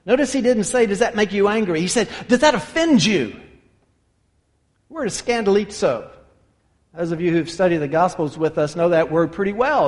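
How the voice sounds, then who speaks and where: A male pastor preaching a sermon, emphatic and conversational, dropping to hushed near-whispers for emphasis. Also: sits high. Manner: anecdotal, conversational asides. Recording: long hall reverb.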